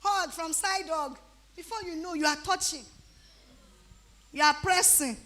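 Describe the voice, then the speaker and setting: Nigerian woman, 30s, youth retreat speaker; bright high voice, playful scolding delivery. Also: measured pace. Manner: animated, teasing, breaks into pidgin-flavored asides. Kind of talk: lively exhortation to teenagers.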